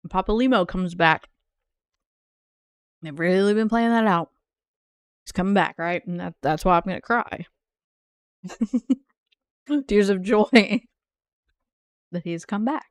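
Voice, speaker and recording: A woman's voice: medium pitch, moderate pace, long pauses, clear, resonant tone, dry recording, studio quality. A woman game streamer chatting casually with her viewers in a playful, teasing way and laughing often. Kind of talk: casual live-stream chat.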